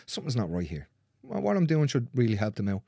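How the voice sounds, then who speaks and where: A medium-pitched man whose pitch swoops wildly talks fast with vocal fry and a mellow tone, recorded cleanly in a studio with no room sound. He's a manual therapist telling stories about clients in casual conversation, bluntly swearing as he acts out what people said.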